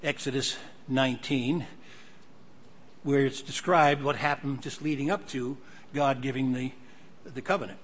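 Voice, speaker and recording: A man's voice: medium pitch, a little slow, long pauses. An older man preaching a sermon, teaching in a conversational way and reading scripture aloud with growing emphasis.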